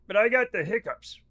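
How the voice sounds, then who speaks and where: Guy livestreaming a game, kinda high and sharp sounding, chats with viewers and swears a bunch. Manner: rambling, profane, joking with chat. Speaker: livestream gamer. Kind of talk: casual live-stream chat while playing.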